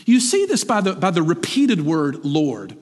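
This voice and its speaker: Speaking at a measured pace, a middle-aged pastor gives an animated, conversational sermon full of rhetorical questions aimed at the congregation. He has a high, somewhat husky voice that rises and falls vividly, and it echoes with long, sanctuary-like reverb.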